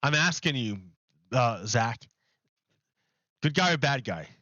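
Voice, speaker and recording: A man's voice: medium pitch, animated, takes it slowly, bright, forceful tone, no echo, muffled recording. A man livestreaming who talks casually to his chat, repeating and restarting phrases as he builds an argument. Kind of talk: casual live-stream talk to chat.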